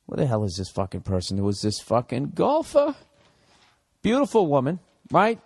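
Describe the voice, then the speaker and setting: A man's voice: medium pitch, wildly swooping pitch, moderate pace, a little mellow, slightly rough, no echo, studio quality. A middle-aged man with a Boston accent ranting solo on his podcast, profane and sarcastic, asking and answering his own questions. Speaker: podcast host. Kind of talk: solo comedic rant.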